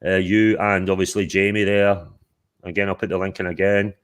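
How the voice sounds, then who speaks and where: A man's voice: low-pitched, little pitch movement, normal speed. A man hosting a livestream, chatting casually in a rambling, sweary way. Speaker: livestream host. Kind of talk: casual chat.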